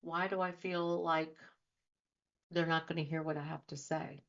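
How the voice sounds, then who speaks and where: A woman's voice: low-pitched, flat delivery, normal speed, fairly bright tone. A woman hosting a radio talk show as a trauma and life coach, talking earnestly and asking many rhetorical questions. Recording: dull lo-fi audio.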